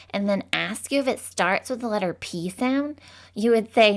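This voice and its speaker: A woman teaching phonics to young children in a slow, sing-song, encouraging way, drawing out each sound. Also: medium pitch, animated.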